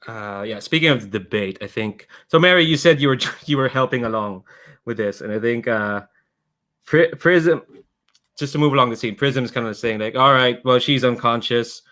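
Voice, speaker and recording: A man's voice: mid-range voice, animated, normal speed, a bit bright. A man running a tabletop game as game master, rambling casually and often laughing.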